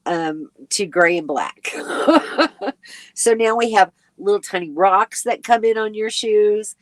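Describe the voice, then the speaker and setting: A woman's voice: lowish voice, dry recording. A woman hosting a casual live stream, reading viewer comments aloud and chatting in a rambling way with frequent ums and little laughs, sleepy and yawning. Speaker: RV travel vlogger hosting a live chat.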